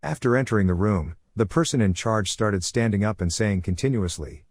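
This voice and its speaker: A man narrating a comic recap in one even reading voice. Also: fairly low pitch, normal speed, hardly any pauses, no room sound, clean studio sound.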